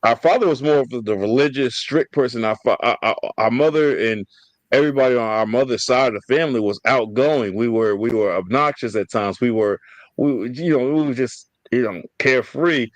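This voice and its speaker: Animated, profane man telling stories. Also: mid-range voice, fairly quick, dry recording, rough recording. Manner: animated storytelling, slangy and profane. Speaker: podcast host. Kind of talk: casual family storytelling.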